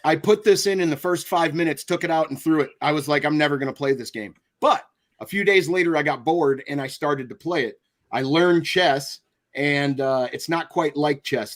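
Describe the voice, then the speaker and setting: A man hosting a casual video-call chat, telling rambling stories and laughing often. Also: on the high side. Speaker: podcast host.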